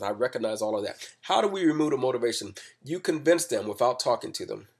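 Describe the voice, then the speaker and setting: Husky-voiced man recounting a story calmly. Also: mid-range voice. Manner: calm and measured, rising to loud reenactments. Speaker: speaker telling a personal story. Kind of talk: spoken personal account, explanatory.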